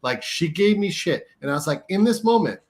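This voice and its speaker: A man from the United States talks in a loose, rambling way, full of "like" and "right?" and casual swearing. His voice sits a bit high for a man. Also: animated, a little fast. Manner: rambling, filler-heavy, profane, keeps asking "right?". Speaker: co-host. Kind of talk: casual chat.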